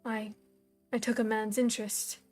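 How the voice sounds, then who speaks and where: An anxious young heroine in a spoken story, stumbling as she pleads, as a woman reader voices her. The voice is fairly high. Soft guitar music hums in the background. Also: steady tone, close to an everyday voice. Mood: pleading. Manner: earnest, pleading, halting.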